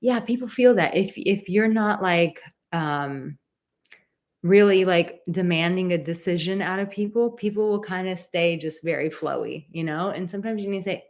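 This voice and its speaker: A young adult woman with a somewhat low voice hosts a live advice chat. She reads viewer comments aloud and answers each one in an encouraging, direct way. She often repeats a word for emphasis. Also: normal speed, darkish tone. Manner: coos in a high baby voice to her dog. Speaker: advice show host.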